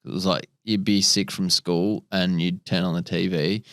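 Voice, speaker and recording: Laid-back young man, deep voice. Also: level tone, moderate pace, fairly bright tone, no room sound, clean studio sound. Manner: laid-back, joking, laughs often, swears. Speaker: podcast guest. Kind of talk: casual chat.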